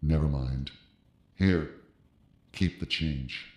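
A man playing a pompous old-time radio drama narrator, with grave, drawn-out delivery in the style of 1940s radio acting. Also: rumbling low, a little mellow. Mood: flustered. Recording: roomy reverb with music bed.

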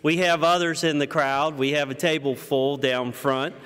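Keynote speaker, man, hoarse from a cold, fairly high voice, big hall reverb. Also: steady tone, normal speed, fairly bright tone. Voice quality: deep husky voice. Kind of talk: conference keynote speech. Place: large conference hall. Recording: long reverb of a conference hall.

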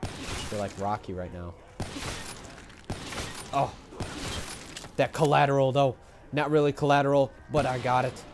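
A young man giving live commentary over his own gameplay, excitable, swearing, rambling and repeating himself as he plays. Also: mid-range voice, measured pace, long pauses, music in the background.

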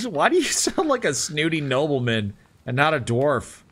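Excitable man yelping through a game. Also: a little high, unhurried. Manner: excitable, yelps and laughs at game action. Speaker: gamer streaming with friends. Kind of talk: casual let's-play chat.

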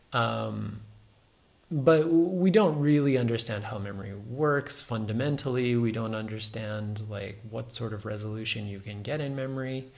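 A man's voice: medium pitch, vocal fry, darkish tone. A man giving a casual, musing meditation talk, full of fillers and small self-amused laughs.

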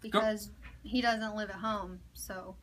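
A woman's voice: mid-range voice, fairly even intonation, slow, fairly bright tone. A young woman hosting her own vlog in a casual, playful chat, laughing often. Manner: giggly, playful. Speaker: vlogger host.

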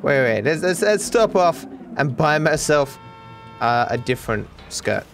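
An Australian man livestreaming a game, joking in a deadpan way. His gravelly, fairly high voice moves a lot in pitch. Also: unhurried, faint music behind. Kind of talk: casual game commentary.

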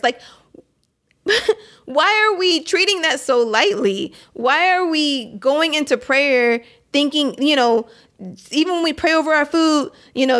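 High-voiced woman in her 30s, fired up talking faith to camera, lots of "like", laughs a bunch. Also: a bit bright. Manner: impassioned, laughing, heavy use of "like". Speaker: Christian vlogger. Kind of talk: earnest faith talk to camera.

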